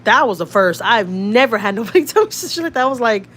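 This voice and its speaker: A woman's voice: on the high side, expressive, quick pace, few pauses, fairly bright tone, slight background noise. A woman from Houston, Texas with a Houston accent, chatting casually with viewers on a livestream from a car, reading comments and swearing freely. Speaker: vlogger, channel host. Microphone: phone.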